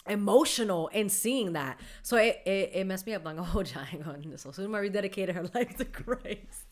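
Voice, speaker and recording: A woman's voice: medium pitch, animated, normal speed. A woman co-hosting a podcast in casual chat, reacting with laughs and exclamations. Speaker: podcast co-host. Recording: loud background noise.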